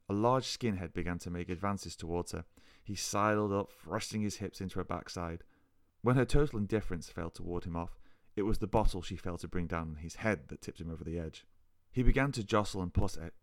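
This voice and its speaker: A man narrating his own story in first person for a podcast, in a measured, wry way. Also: low voice, clean tone, no room sound, studio quality.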